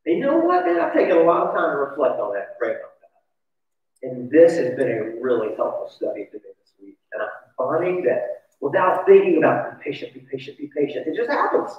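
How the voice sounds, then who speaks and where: In a sing-song, brisk voice on the high side, a male pastor preaches in a confessional, conversational way, putting questions to his audience. He sounds distant and muffled on an echoey, dull church recording.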